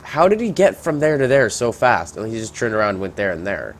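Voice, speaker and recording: A man giving casual, rambling gameplay commentary, reacting out loud and swearing at surprises. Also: fairly low pitch, big pitch swings, fairly quick, slight background noise.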